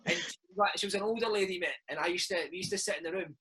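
A Scottish former footballer, maybe in his thirties, telling lively, laughing stories in a casual interview. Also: high-pitched, racing, breathy edge, low-quality recording. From Scotland. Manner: lively, laughing, says mate a lot. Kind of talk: casual storytelling chat.

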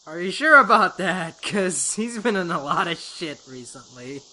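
A co-host chatting casually, blunt and sarcastic, often trailing off into low mutters. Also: lively intonation, moderate pace, bright, forceful tone, a little hiss or hum. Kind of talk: casual chat.

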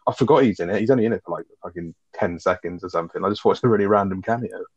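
A man's voice: low voice, racing, breathy edge, no echo. A man rambling through a film's plot in casual chat, sweary and full of fillers. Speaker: podcast co-host. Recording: dull lo-fi audio.

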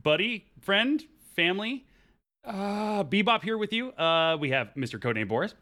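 A young man hosting a casual podcast, animated and rambling, with frequent restarts. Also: sits high, normal speed. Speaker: podcast host.

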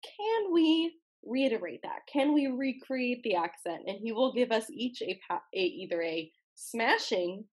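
A woman from the United States co-hosting a casual podcast, lively and jokey and laughing often. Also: a little high, unhurried, few pauses, breathy edge. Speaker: podcast co-host.

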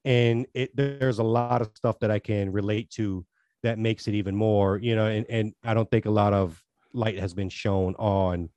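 A man's voice: on the low side, fairly even intonation, moderate pace, darkish tone, no room sound. Earnest rambling male podcast co-host. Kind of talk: casual chat.

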